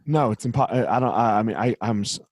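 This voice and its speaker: A man hosting a casual interview show, rambling through questions, swearing casually, and growing animated when telling stories. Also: lowish voice, fast, slightly rough. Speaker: podcast host.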